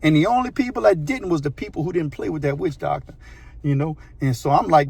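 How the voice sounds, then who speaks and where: A man, a channel host telling a story in a casual, animated, slangy way. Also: fairly high pitch, quick pace, gravelly, breathy edge, no room sound. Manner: animated, slangy, repeats phrases for effect.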